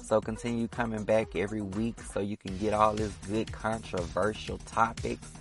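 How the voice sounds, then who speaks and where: A man's voice: fairly low pitch, level tone, normal speed, vocal fry, soft background music. A man hosting his own podcast in a casual, opinionated solo monologue, teasing that he will stir up controversy. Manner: chatty and opinionated, teasing about stirring controversy. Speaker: podcast host.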